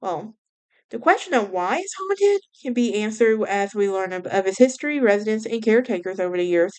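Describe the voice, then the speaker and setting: A woman's voice: medium pitch, expressive, brisk, smooth. A woman with a Southern US accent, hosting a podcast and chatting about a haunted house with a casual, self-correcting manner. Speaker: podcast host.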